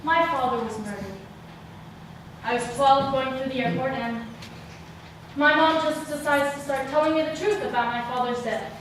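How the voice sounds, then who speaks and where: High bright young woman, echoey stage. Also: normal speed, pauses often, a little hiss or hum. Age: young adult. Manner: dramatic, swinging from hushed to shouting. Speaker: student performer. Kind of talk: solo stage monologue. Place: theater stage, live audience hall. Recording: echoey hall sound from a distant mic.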